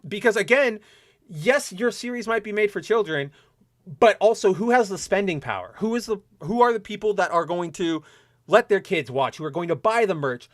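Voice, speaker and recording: A young man hosting a casual solo podcast, delivering an animated, opinionated rant from his home setup. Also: high voice, moderate pace, no room sound, studio quality. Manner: animated ranting, mocking quoted voices. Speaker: podcast host.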